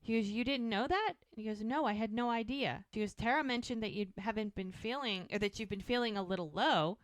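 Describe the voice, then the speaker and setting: A woman's voice: on the high side, fairly quick, no echo. A woman co-hosting a casual podcast, retelling television scenes in a chatty way and quoting the characters. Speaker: podcast co-host. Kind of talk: casual rewatch podcast recap.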